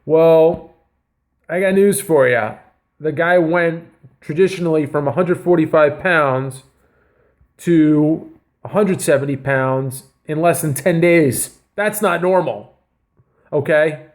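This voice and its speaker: A man's voice: on the high side, slow. A man giving casual reaction commentary on his comedy vlog, rambling and enthusiastic with lots of fillers. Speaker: comedy vlogger reviewing news.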